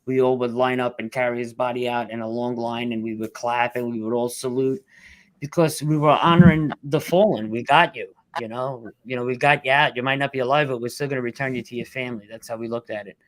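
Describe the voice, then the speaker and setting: A middle-aged man, a rescue worker telling his story in an interview, blunt and halting, fighting back tears. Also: medium pitch, steady tone, no echo. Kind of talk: emotional storytelling.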